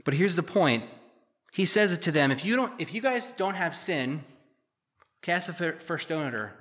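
Male pastor, middle-aged, bright forceful voice, slightly high for a man; reads scripture, then chats through it with wry asides. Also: big pitch swings, moderate pace. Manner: conversational, joking asides between read verses. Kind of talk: sermon reading and explaining scripture.

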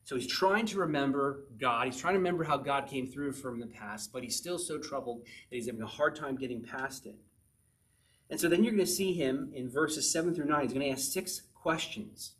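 A man's voice: medium pitch, brisk, fairly bright tone. A man preaching a sermon in a conversational way, often asking the listeners questions.

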